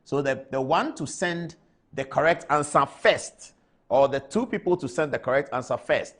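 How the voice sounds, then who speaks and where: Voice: mid-range voice, expressive, moderate pace. This is a Ghanaian host on a live TV show, lecturing indignantly through rhetorical question after question. The voice moves up and down a lot, with a touch of huskiness. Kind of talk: live TV commentary.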